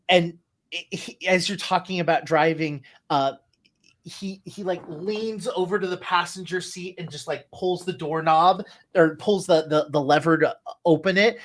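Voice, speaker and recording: A man narrating a tabletop horror game as game master, with many halting restarts and fillers. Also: fairly high pitch.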